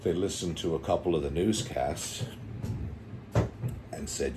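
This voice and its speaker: A man hosting a casual chat, playful and quick to slip into put-on voices and quotes. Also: very deep voice, background noise. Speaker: podcast host.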